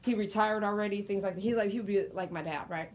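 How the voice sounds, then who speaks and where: A middle-aged woman and dog groomer chatting casually while she grooms, telling animated stories and laughing often. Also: mid-range voice, fast talker, far from the mic, rough recording. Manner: chatty, animated storytelling with quoted voices.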